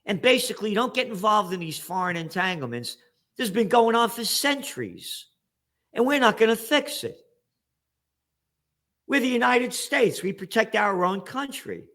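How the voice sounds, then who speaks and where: A man giving ranting political commentary as an interview guest, sarcastic, with bursts of shouting. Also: high voice, expressive, normal speed.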